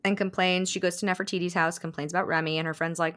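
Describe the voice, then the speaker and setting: A woman with a slightly low voice recaps a novel in casual podcast chat. She tells it lively, slipping into quoted lines and laughing along the way. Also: fast, few pauses. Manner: animated retelling, acting out quotes, frequent laughs. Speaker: podcast host.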